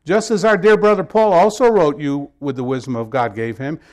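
A man preaching a sermon to his congregation. His voice sits slightly high. He talks in a loose, conversational way, then leans hard into the scripture passages with growing force. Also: fairly even intonation, fairly quick, a little mellow. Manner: conversational storytelling, rising to emphatic scripture reading. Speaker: pastor.

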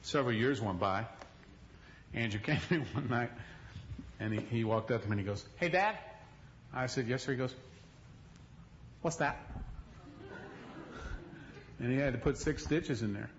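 A middle-aged male pastor preaching an animated sermon, swinging between loud stretches and hushed ones. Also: medium pitch, brisk, highs cut off, a little hiss or hum.

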